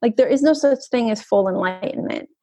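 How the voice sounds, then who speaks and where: A woman's voice: on the high side, brisk, warm tone, no echo. Earnest woman coach, dry close sound. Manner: flowing, earnest, often tags "right?". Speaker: energy coach, guest. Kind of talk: conversational podcast interview.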